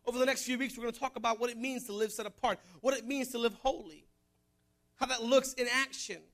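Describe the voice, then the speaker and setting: A man preaching a sermon, mixing joking asides with loud exhortation. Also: very high voice, fairly even intonation, quick pace.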